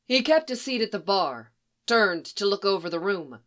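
An audiobook narrator carrying the story along in an even, steady storytelling manner. The voice is bright and forward, with a pitch in the middle range. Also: normal speed. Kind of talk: audiobook reading.

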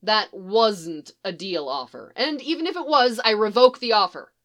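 A woman's voice: mid-range voice, animated, normal speed, a bit bright, close to an everyday voice. A woman voicing an exasperated young male prince who talks defensively and grumbles. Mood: stubborn.

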